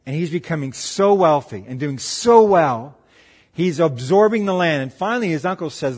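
A man's voice: a little high, moderate pace, slightly rough. Man preaching in a reverberant hall. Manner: animated retelling with acted-out voices. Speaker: pastor. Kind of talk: sermon storytelling.

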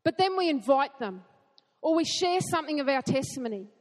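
A woman preaching a sermon in an earnest way, asking rhetorical questions and building to excited emphasis. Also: sits high, a little fast, big-room sound.

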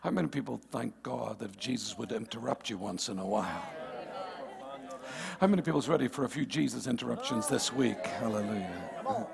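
A man preaching a sermon in church, playful and teasing with the congregation and rising to emphatic shouts. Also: mid-range voice, expressive, brisk, creaky, a crowd in the background. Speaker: pastor.

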